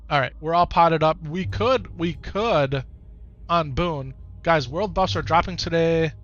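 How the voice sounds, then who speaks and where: A slightly high, fairly bright voice comes through at a measured pace over lo-fi sound and faint background music. The speaker is a Wisconsin man with the local accent, live-streaming a video game, narrating gameplay as he reads chat, chatting easily and often repeating phrases.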